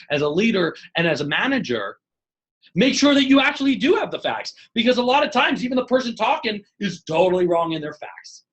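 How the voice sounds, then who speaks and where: A man's voice: fairly high pitch, poor audio. A middle-aged man leading a live leadership webinar, teaching with lots of energy and acting out bits of dialogue. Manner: energetic, animated, acts out dialogue. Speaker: leadership trainer.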